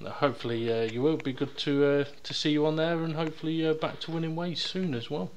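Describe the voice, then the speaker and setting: Rambling podcast host with background hiss. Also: male voice, a little high, fairly even intonation, fast, poor audio. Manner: rambling, many ums and uhs, jokey. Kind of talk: casual podcast chat.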